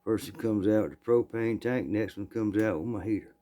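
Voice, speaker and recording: A man, telling a true story in a plainspoken, folksy way, often clearing his throat. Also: fairly low pitch, fairly quick, dark tone.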